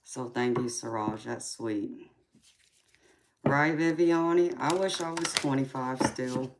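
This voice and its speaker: Forties woman, Georgia Southern drawl, very deep voice, slow and sweet-talking tarot host, faint hiss. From California. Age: 40s. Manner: affectionate, calls viewers sweetheart, drawn-out filler ums. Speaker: tarot reader hosting a live chat. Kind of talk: casual live-stream chat and tarot reading.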